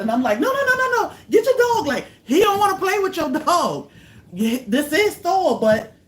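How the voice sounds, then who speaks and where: A woman, hosting a casual livestream and telling stories in a lively way, jumping up high and loud when she acts out what people said. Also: a little hiss or hum. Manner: animated, acts out quotes with high loud bursts. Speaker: homestead channel host.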